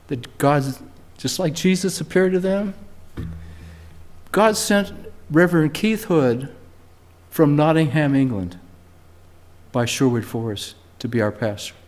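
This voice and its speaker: An older man preaching a sermon in a church, talking in a relaxed storytelling way and rising emphatically on key words. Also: fairly high pitch, normal speed. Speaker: pastor. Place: church sanctuary.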